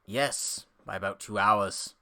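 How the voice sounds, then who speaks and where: A man voicing a calm, dry young scholar with understated, sardonic delivery. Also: lowish voice, slow, noisy background, pitched below the performer's own voice. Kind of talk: voicing game dialogue.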